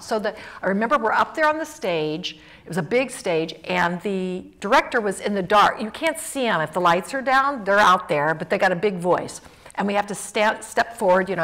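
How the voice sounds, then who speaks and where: Animated storyteller from Mississippi, woman. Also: lowish voice, slight background noise. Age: 60s. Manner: animated, acts out voices in her stories. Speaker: actress on a panel. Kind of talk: anecdotal storytelling. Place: college event hall.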